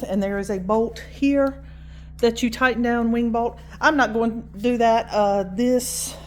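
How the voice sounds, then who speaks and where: A woman with a voice on the high side chats casually and enthusiastically while unboxing and assembling a Halloween prop. She uses fillers often.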